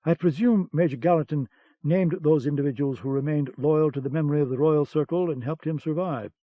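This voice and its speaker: A man reading an audiobook, voicing a measured, superior young British intelligence captain in a dull old recording. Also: on the high side, lightly acted. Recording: dull cassette-era audiobook sound.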